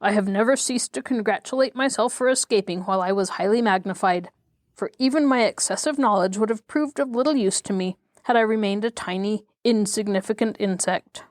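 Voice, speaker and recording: Woman putting on a pompous male insect scholar, storybook reading, long-winded, mid-pitched, dry close sound. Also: brisk, no echo, natural voice. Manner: long-winded and self-satisfied. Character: pompous learned male giant insect professor.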